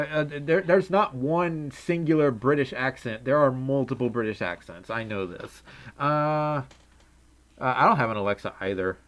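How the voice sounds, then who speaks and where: Slow, giggly streamer in a Southern drawl. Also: mid-range voice. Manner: giggly, rambling, frequent laughs. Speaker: livestreamer reading chat. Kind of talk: casual live stream chat.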